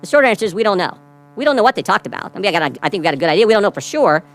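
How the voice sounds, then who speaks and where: A man's voice: sits high, sing-song, rapid-fire, fairly bright tone, low-quality recording. A man giving a prepared statement at a hearing, emphatic and repeating key phrases for effect. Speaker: lawmaker speaking at a hearing.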